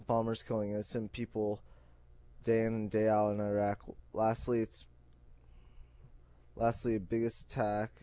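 A teenage boy reading his high school research paper aloud, halting and often restarting words. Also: warm tone, no room sound. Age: teens.

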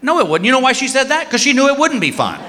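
A man's voice: very high voice, sing-song, quick pace, bright, forceful tone. A man in his fifties doing a self-mocking stand-up routine, acting out the dialogue in his stories. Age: 50s. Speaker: stand-up comedian. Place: live comedy venue on stage. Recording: live hall reverb, audience noise.

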